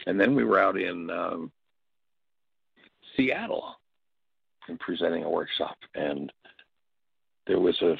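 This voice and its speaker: An older man leading a workshop, telling stories and teaching in a reflective, halting way with pauses and restarts. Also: low voice, gravelly, slightly rough, no echo. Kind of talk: spoken teaching talk with stories. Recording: dull, dry lo-fi audio.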